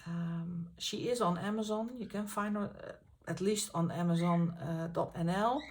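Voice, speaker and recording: A woman, hosting a colouring channel and paging through her books in a casual, enthusiastic way, pausing often on fillers. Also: fairly low pitch, a little mellow. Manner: enthusiastic, halting with frequent fillers. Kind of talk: casual book flip-through.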